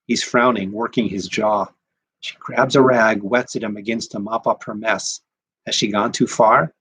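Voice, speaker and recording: A rabbi reading a short story aloud in a measured, expressive way. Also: male voice, on the low side, breathy edge, low-quality recording. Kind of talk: scripted narration of a short story.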